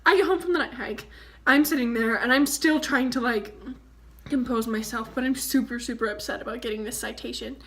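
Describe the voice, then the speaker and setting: A woman's voice: fairly high pitch, fairly quick. A young woman vlogger telling a story casually to the camera, chatty and full of "like". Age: young adult. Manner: chatty, fillers of "like", animated retelling.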